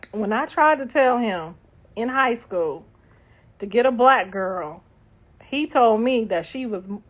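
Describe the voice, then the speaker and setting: A middle-aged woman hosting a livestream, chatting casually and reading comments in a blunt, profane, sassy way. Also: fairly high pitch. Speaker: livestream host. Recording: dull lo-fi livestream audio.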